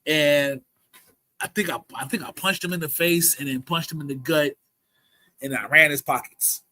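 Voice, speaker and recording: A man tells a story on a casual podcast, swearing freely and laughing as he goes. His voice sits a little high for a man. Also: moderate pace, a little hiss or hum, poor audio. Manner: profane, animated, laughs often.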